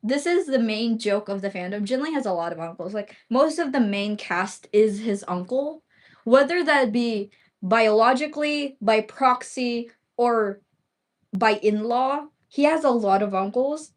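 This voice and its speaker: A woman's voice: a little high, lively intonation, a little slow. Chatty young woman, filler-heavy rambling. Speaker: livestream host. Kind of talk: casual livestream chat.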